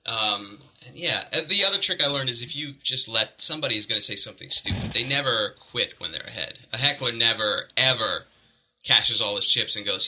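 A man's voice: mid-range voice, moderate pace, pushed and bright, low-quality recording. A man, a guest comedian, candidly explaining how he deals with hecklers in a casual chat. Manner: candid, reflective, sometimes swearing.

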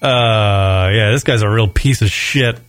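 A man's voice: lowish voice, a little slow, background noise. A young American man hosting a radio show, ranting crudely and bluntly and drawing out words for emphasis. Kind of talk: profane ranting commentary.

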